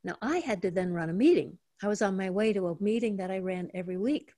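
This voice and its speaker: Calm older woman teaching meditation. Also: mid-range voice, dry recording, studio quality. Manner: calm, measured, slows down for emphasis. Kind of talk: teaching talk. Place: home in the mountains.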